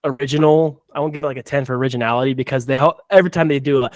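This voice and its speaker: A man hosting a casual podcast, talking in a rambling, animated way with many restarts. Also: mid-range voice, racing, dry recording. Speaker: podcast host reviewing ads. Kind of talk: casual chat.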